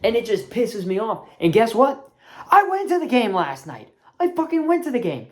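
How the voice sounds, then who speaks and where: A woman's voice: sing-song, normal speed. A woman hosting her own sports channel, delivering a fired-up, profane rant as a fan. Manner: profane, fired-up ranting with big swings in pitch. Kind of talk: ranting sports commentary vlog.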